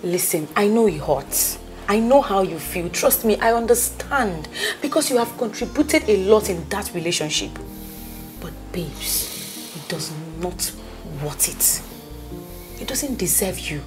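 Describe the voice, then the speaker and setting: An actress playing a loyal, bossy best friend with a Nigerian accent in a film drama, talking insistently and repeating herself. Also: female voice, medium pitch, expressive, normal speed, over music, close to an everyday voice. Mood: reassuring. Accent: Nigerian, with Pidgin English. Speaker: consoling friend.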